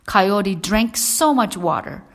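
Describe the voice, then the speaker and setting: A woman narrating a children's story with slow, clear read-aloud delivery. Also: medium pitch, lively intonation.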